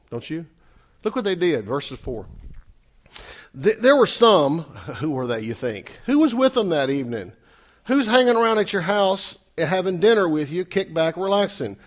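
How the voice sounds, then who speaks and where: Guy preaching a sermon, kinda high voice, super lively, goes loud then soft. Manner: animated, shifts loud and soft, acts out quotes. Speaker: pastor.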